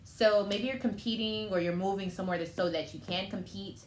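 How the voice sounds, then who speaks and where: A woman's voice: mid-range voice, fairly even intonation, a little fast. Young female tarot reader, chatty and emotional, in an echoey room with faint ambient noise. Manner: emotional, chatty, thinking aloud. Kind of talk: casual tarot reading.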